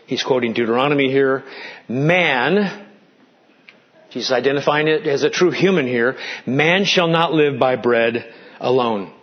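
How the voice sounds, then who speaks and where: Husky-voiced man preaching a sermon. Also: medium pitch, lo-fi sound. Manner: dramatic preaching, voicing the tempter in hushed tones. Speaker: pastor.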